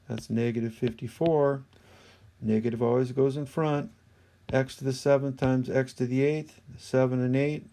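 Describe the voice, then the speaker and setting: A man's voice: medium pitch, vocal fry, dark tone. A man teaching a math lesson in a screen-recorded voice-over, patiently explaining each step.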